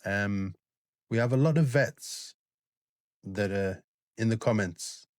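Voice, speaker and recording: A British man talking straight to his viewers in a low, unhurried voice. He is gentle and sincere, circling back with fillers and restarts, and the sound is dry and close with no room around it. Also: no echo. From Britain. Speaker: reaction channel host. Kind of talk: casual talk to camera.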